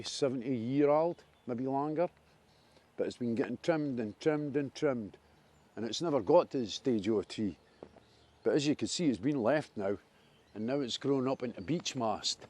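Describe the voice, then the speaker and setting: Strolling through a wooded park, a Scottish man who vlogs gives casual walking commentary, rambling with enthusiasm about trees and nature. His voice is medium-pitched and darkish in tone.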